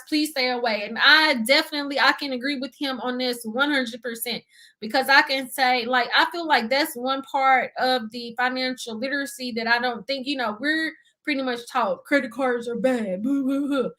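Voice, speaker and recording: Bright, high-voiced young woman. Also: moderate pace. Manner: earnest, talkative, many fillers and "you see what I'm saying". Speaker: guest, budgeting YouTuber. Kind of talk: casual interview chat.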